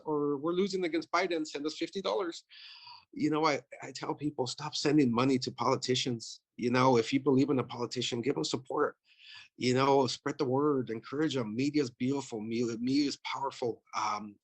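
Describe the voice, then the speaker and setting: Husky guy on the campaign trail, blunt, swears a lot, lots of you-knows. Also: medium pitch. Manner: blunt and profane, with frequent fillers. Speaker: political candidate. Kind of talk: casual interview talk.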